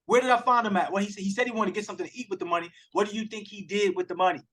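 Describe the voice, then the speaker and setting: High-voiced passionate man coaching a group. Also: steady tone, very fast, a bit bright. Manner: passionate, emphatic, addresses the group directly. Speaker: accountability coach hosting a group call. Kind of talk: motivational coaching talk. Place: online group call. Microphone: video call.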